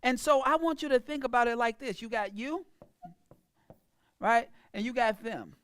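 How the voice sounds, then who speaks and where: A woman's voice: fairly high pitch, moderate pace, dry recording, studio quality. A woman business coach giving an emphatic, preachy motivational talk about sales, speaking. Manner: emphatic, preachy, acts out clients in a mocking voice.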